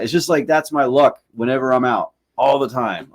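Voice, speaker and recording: A man's voice: medium pitch, moderate pace, hardly any pauses. A man co-hosting a podcast, talking in a casual chat and rambling through stories, swearing freely and laughing at his own tales. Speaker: podcast co-host.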